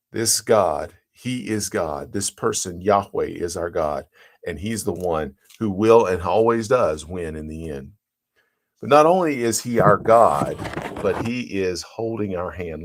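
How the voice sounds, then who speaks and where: A man as pastor, giving a devotional sermon in an earnest, plain-spoken way, reading scripture and explaining it verse by verse. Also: fairly low pitch.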